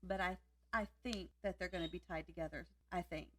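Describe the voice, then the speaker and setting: Southern lady cohost, lower voice, kinda far from the mic, hesitates a lot. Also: fairly even intonation, moderate pace. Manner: hesitant, restarts, thinks aloud. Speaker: podcast co-host. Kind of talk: casual chat.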